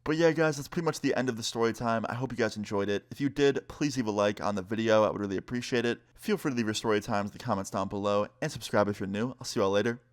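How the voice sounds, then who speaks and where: A man's voice: on the low side, fast, few pauses. A young man telling a storytime vlog in a casual, profane way, full of fillers. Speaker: vlogger.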